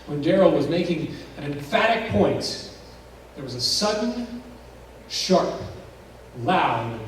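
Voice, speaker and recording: A man's voice: on the high side, very animated, slow pace, slight background noise. A male pastor telling a story in a sermon, acting out the dialogue as the tension builds. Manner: dramatic storyteller, acts out dialogue with rising intensity. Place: church sanctuary. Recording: echoey church heard from a distance.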